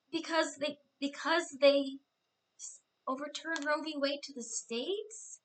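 High, bright-voiced blunt woman co-host. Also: measured pace. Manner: blunt, exasperated, restarts sentences. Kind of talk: casual political chat.

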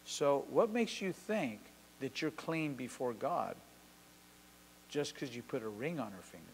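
A man's voice: mid-range voice, lively intonation, a little slow, big-room sound, a little hiss or hum, low-quality recording. A man preaching a sermon as pastor, driving his points home with short, emphatic, repeated declarations.

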